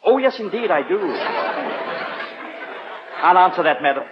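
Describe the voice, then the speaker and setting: A prim English butler with a sly, dry wit. He talks formally and deferentially, in a high voice. The old radio recording sounds muffled, with a faint hiss. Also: animated, normal speed, crowd noise. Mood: polite, sly. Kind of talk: 1940s radio sitcom acting.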